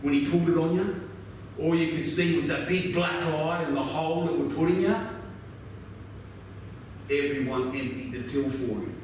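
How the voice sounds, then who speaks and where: An actor with an Australian accent playing a weathered, laconic outback roadhouse local who drawls through a swearing yarn. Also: male voice, a little high, normal speed, pauses often, natural voice. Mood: wry. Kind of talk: theatrical monologue. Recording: very echoey, distant mic, noisy ambience.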